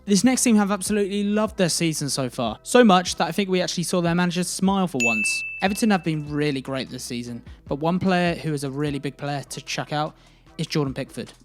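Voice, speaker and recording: A young man hosting a casual football video, giving chatty, opinionated and jokey commentary. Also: fairly high pitch.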